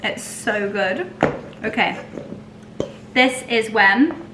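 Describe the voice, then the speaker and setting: A woman talks slowly through a recipe in her kitchen, gushing over ingredients and sometimes dropping to a near whisper. The room is echoey and a clear background noise runs under her voice. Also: fairly high pitch, animated. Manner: chatty, gushing, often drops to a soft whisper. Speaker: lifestyle vlogger. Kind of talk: casual baking tutorial. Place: home kitchen.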